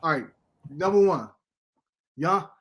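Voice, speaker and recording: An excitable man hosts a casual comic book talk, speaking in a voice pitched a little high. He laughs often and launches into loud, emphatic rants when something gets to him. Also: slow pace. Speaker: podcast host.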